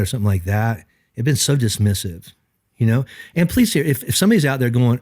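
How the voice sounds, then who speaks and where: A man's voice: medium pitch, fast, no room sound, studio quality. A middle-aged man, a pastor, talking earnestly in a podcast conversation and acting out the quoted lines of the people in his stories. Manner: earnest, animated, acts out quoted dialogue.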